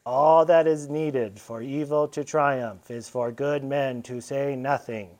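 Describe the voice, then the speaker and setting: A man voicing a calm older priest who repeats a saying slowly and gravely. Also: mid-range voice. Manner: slow, deliberate quoting.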